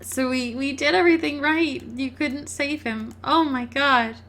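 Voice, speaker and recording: A woman's voice: high voice, measured pace, fairly bright tone. A woman hosting a game let's play, reading the story aloud and commenting emotionally, tearful, stammering and laughing.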